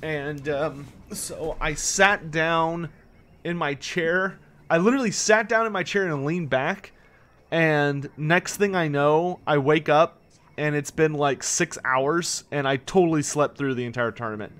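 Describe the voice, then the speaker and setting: This man's voice is on the high side, a little slow, with a fairly bright tone. Tired and yawning, he chats through a live strategy game stream, responds to viewers' questions, and swears when annoyed.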